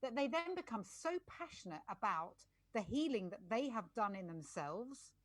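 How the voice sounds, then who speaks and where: A woman's voice: medium pitch, big pitch swings, normal speed, no echo. A woman, a podcast guest and life coach, talking candidly and bluntly, given to ranting and swearing. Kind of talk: candid conversational chat.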